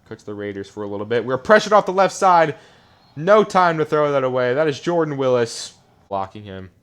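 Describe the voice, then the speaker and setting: A young man talks over his football video game as he plays it, mid-pitched and casual. He complains and rants a lot, and his voice swings from low grumbling to loud outbursts. He records on a desk mic. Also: smooth. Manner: frustrated, ranting, swings between muttering and yelling. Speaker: gaming YouTuber. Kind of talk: live gameplay commentary. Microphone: desk microphone.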